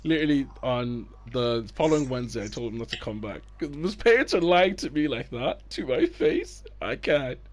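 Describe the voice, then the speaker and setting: A man's voice: mid-range voice, very animated, normal speed, few pauses. A man, a youth football coach telling a story in a casual chat with friends and acting out the people he quotes. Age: 20s.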